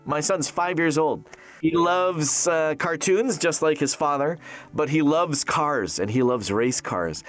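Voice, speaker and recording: Lively, jokey voice-actor man. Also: fairly high pitch. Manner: animated, jokey, laughs often, restarts with "uh" and "like". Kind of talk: casual interview answers.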